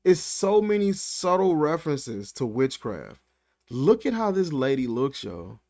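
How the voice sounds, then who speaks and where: A man giving a casual movie review, animated and incredulous, talking in loose slang. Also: fairly high pitch, a little slow. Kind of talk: casual film commentary.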